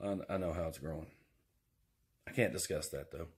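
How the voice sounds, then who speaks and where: A man's voice: rumbling low, moderate pace, husky. A man, rambling and joking his way through an indoor vlog. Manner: rambling, jokey, drawling. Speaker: vlogger.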